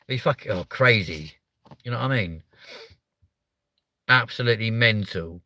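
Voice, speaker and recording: A man's voice: normal speed, long pauses, bright, forceful tone, no room sound. A man hosting a comedic live stream, rambling and swearing as he jokes with his viewers. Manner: sweary, rambling, jokey, slips into silly high voices.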